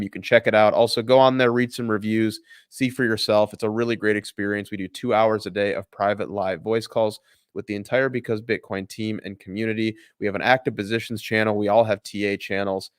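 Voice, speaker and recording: Man, livestream host, upbeat promo pitch, lowish voice, dry close sound. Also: level tone, fairly quick, dry recording. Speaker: show host. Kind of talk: livestream sign-off and channel promo.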